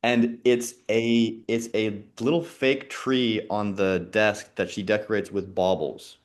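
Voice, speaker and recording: Slow-talking man thinking aloud. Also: on the low side, level tone. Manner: thinks aloud, mutters softly while recalling, laughs often. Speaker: quiz co-host. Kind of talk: casual quiz chat.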